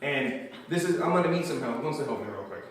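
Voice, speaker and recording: Chatty comedian in a very echoey room. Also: male voice, mid-range voice, animated, fast, far from the mic. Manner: chatty, self-deprecating, laughs at own jokes. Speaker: stand-up comedian. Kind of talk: stand-up comedy set. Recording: very echoey room from afar, faint noise.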